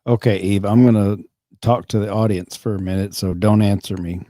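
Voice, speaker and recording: In clean studio sound with no room echo, a podcast host with a lowish, warm voice chats casually. His tone is level and his speed normal, and he rambles with many restarts.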